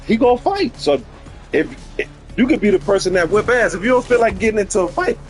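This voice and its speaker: New guy telling a wild story on stream, high voice, all over the place. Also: quick pace, faint music behind. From New York. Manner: animated, swings from loud to mumbled asides. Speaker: live stream host. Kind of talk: comic storytelling.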